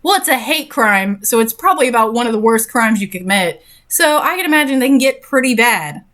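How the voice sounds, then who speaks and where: A woman's voice: on the high side, expressive, fairly quick, fairly bright tone. Young woman host reading and roasting a story, sarcastic and fed up. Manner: sarcastic, exasperated asides. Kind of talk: dramatic reading with commentary.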